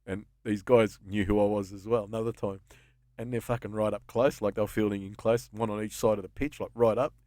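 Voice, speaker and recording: Fast-talking Australian man in his fifties. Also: lowish voice, fairly even intonation, darkish tone, dry recording, studio quality. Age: 50s. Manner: swearing, rambling storyteller. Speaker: guest comedian. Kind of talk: casual podcast chat.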